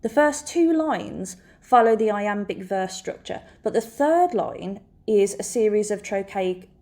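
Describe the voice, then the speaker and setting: A woman teacher reads a scripted lesson, explaining things clearly and at a measured pace. Her voice sits in the mid-range with a somewhat dark tone.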